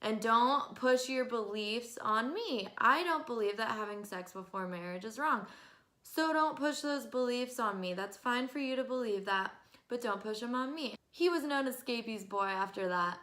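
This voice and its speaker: A woman in her twenties telling stories to camera in an animated, exasperated way, often breaking into laughs. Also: a little high, moderate pace. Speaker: vlogger. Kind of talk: casual storytelling to camera.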